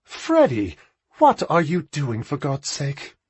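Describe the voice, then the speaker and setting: A man voicing a haughty, exasperated aristocratic woman who scolds her brother in a high, indignant tone. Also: lively intonation, moderate pace, slightly rough, dry recording.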